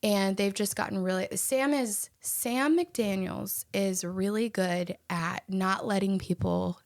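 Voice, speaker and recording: A woman hosting a podcast, telling a story in a chatty, animated way and laughing often. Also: mid-range voice, slow. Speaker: podcast host. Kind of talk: casual storytelling chat.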